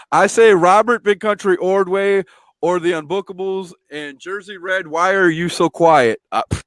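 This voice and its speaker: Man, show host, chatty, high voice, dry close sound. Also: unhurried, no room sound. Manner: chatty, reads out viewer comments, laughs often. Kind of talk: casual live-stream chat. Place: at home.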